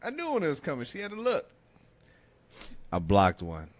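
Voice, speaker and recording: A man co-hosts a podcast in relaxed chat. He tells childhood stories with laughter, and his voice moves up and down a lot. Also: a little high, moderate pace. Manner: lively, laughing storyteller. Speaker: podcast co-host. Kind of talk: casual chat, storytelling.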